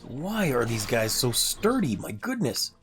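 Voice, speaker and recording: A man's voice: big pitch swings, unhurried, soft background music. A man casually chatting with his chat during a gameplay livestream, joking and muttering to himself while he plays. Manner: drops to low muttering when focused on the game. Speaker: streamer.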